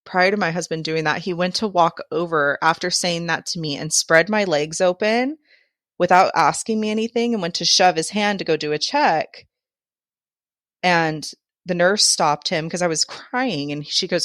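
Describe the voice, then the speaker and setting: Woman guest, low voice, dry sound; candid, emotional storyteller. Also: normal speed, fairly bright tone, no room sound. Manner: candid, emotional, laughs through hard parts. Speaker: podcast guest. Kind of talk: personal birth story.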